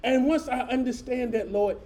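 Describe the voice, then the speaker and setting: Middle-aged preacher, high mellow voice, animated folksy storytelling, talks straight to the congregation. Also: male voice, normal speed. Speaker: pastor. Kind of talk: storytelling sermon.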